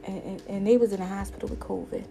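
A woman's voice: mid-range voice, fairly even intonation, quick pace, creaky, warm tone, soft background music, rough recording. A woman telling a heartfelt personal story in a casual, earnest way, livening up when she quotes other people.

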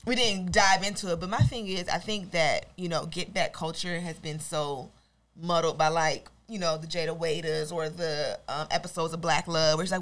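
A woman's voice: low-pitched, fairly even intonation, moderate pace. A young adult woman co-hosting a casual comedy podcast, joking and ranting with a lot of profanity. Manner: playful, profane, swings from mumbled asides to loud rants. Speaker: podcast co-host.

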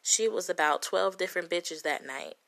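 A woman tells a story in a heated, profane rush. Her voice is bright and forceful, and she acts out the other people in it as she goes. She sounds like a vlogger venting to her viewers. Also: on the low side, normal speed, gravelly. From Compton, California. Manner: profane, heated, dramatic retelling with quoted voices. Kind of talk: animated storytelling rant.

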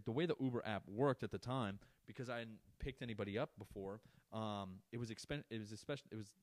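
A man's voice: on the low side, no room sound. A young adult man hosting a podcast, telling a story in a casual, profane, ranting way. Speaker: podcast host.

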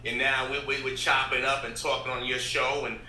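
Appearing as a guest on a podcast, this radio host gives earnest, motivational answers in a casual interview, rambling and starting over as he goes. He has a mid-range voice with a flat delivery and a bright, forceful tone, speaking fairly quickly. Faint background noise and a roomy echo fill the recording.

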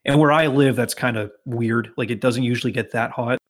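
A man from Massachusetts tells a story on a casual podcast. He is animated and profane. He acts out the people in his story in quick put-on voices. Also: mid-range voice. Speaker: podcast host telling a work story.

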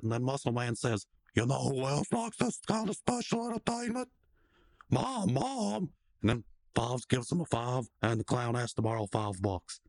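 A man hosting a podcast recaps a cartoon episode in a loose, joking way, dropping into the characters' lines as he goes. His pitch bounces around a lot. The sound is dry and close. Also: no echo. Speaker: podcast co-host.

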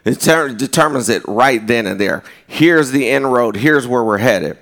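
A man's voice: medium pitch, measured pace, fairly bright tone. A man preaching a sermon earnestly, often restarting his phrases. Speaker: pastor.

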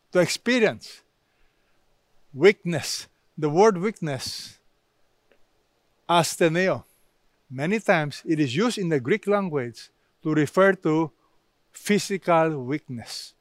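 Male preacher, emphatic sermon delivery, higher register, dry recording. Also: no room sound. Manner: emphatic, repeats key phrases for stress.

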